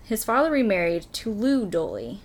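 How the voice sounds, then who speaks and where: A woman's voice: medium pitch, sing-song, normal speed. A woman hosting a podcast, telling a true story in casual chat and laughing often. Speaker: podcast host reading a story.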